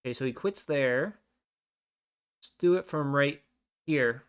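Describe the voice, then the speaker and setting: A man's voice: mid-range voice, a little slow, clean tone. A man giving sarcastic, mocking reaction commentary over stream clips.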